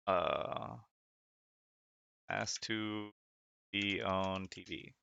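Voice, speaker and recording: Gravelly, bright-toned man playing a retro game. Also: low voice, steady tone, drawn-out words, pauses often, no echo, dull audio. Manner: reads game text aloud and laughs often. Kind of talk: casual game commentary.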